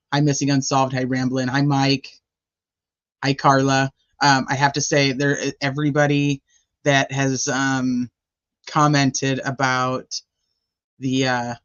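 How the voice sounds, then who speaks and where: A woman's voice: rumbling low, fairly bright tone. A woman hosting a casual live stream, rambling and greeting chat viewers by name. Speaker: livestream host. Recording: dull lo-fi stream audio.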